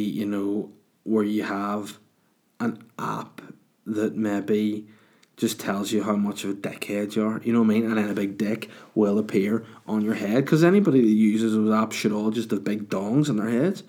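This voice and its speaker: A man rants on his own podcast in a loose, casual monologue. He swears freely and mocks things with exasperation. His voice sits a little low. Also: darkish tone. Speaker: podcast host.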